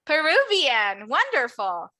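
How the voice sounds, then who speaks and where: A woman's voice: high voice, huge pitch swings, slow pace, bright, forceful tone. A woman teaching an English class, modeling words for the students to repeat and encouraging them. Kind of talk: classroom lesson.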